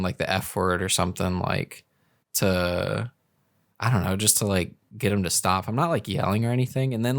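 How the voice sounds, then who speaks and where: Low-voiced man telling a rambling story. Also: a bit bright, no room sound, studio quality. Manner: rambling, many fillers and restarts. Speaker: podcast co-host. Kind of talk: casual storytelling.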